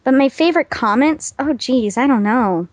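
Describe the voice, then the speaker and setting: Giggly young woman, high voice. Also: expressive, normal speed. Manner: giggly, laughs often. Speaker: guest, voice actress. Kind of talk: casual interview chat.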